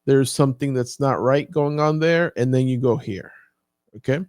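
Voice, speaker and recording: A man's voice: medium pitch, moderate pace, a little mellow, no room sound, clean studio sound. A man giving a casual live training, thinking aloud with frequent fillers as he walks through examples on his screen. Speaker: YouTube coach.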